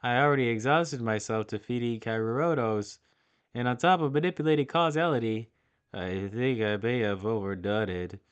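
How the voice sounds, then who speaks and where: A man reading as a gentle little time fairy. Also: mid-range voice, moderate pace, clear, resonant tone, dull audio, close to an everyday voice. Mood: weary. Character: small male time fairy, gentle and selfless.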